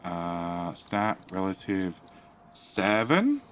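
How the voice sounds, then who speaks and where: Male live streamer, casual running commentary, animated pitch, chats to viewers between build steps. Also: extremely slow, a little hiss or hum. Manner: chatty, muttering to himself while building; reads out and greets chat. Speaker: game streamer.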